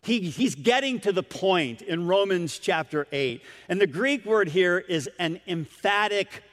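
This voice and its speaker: A man's voice: sits high, animated, unhurried, a bit bright, long reverb tail. A man preaching a sermon in an emphatic, dramatic way, with big swings in volume.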